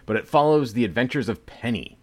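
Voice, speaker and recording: A man's voice: medium pitch, lively intonation, a little fast, dry recording. A middle-aged man co-hosting a podcast, rambling and poking fun at himself in casual banter. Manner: self-deprecating, rambling, drops into soft mumbles. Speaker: podcast co-host.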